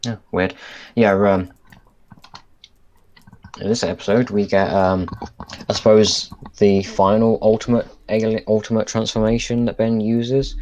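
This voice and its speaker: Low-voiced man thinking aloud. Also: flat delivery, a little slow, darkish tone, lo-fi sound. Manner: thinks aloud, trailing off and restarting sentences. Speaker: podcast co-host. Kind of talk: casual chat reviewing a cartoon episode.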